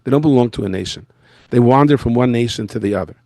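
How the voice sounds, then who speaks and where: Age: adult. Sex: man. Role: rabbi lecturing. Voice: gravelly, dry. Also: medium pitch, fast, no room sound. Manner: animated storyteller who acts out the people he quotes. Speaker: rabbi giving an annual lecture. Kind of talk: storytelling lecture. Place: his office in a school.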